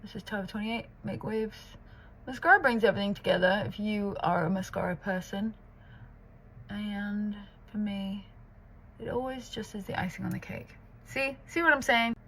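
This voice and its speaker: A woman in her thirties from the north of England with a muddled British-American accent and Scouse traces, chatting casually through a makeup tutorial and often dropping to a soft near-whisper. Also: mid-range voice, normal speed, husky. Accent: mixed British and American, with Scouse traces. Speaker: makeup artist and content creator. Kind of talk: get-ready-with-me makeup tutorial.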